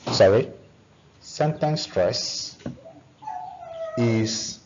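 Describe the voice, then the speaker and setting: A man teaching an English grammar lesson, talking slowly with frequent restarts and repeated words. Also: mid-range voice, animated, darkish tone. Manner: slow, halting teacher talk with repeated restarts. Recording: dull lo-fi recording with faint noise.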